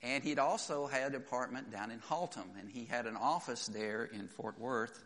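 Male preacher, chatty sermon delivery with plenty of "uh"s, mid-pitched, church hall reverb. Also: normal speed, a bit bright. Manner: conversational storytelling with frequent fillers.

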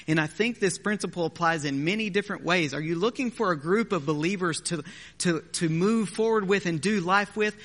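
A man preaches in a church sanctuary, his voice pitched a little high for a man. He keeps it conversational and drops in joking asides between points. A long hall reverb trails behind each phrase. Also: fairly quick, fairly bright tone. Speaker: pastor. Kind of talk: sermon.

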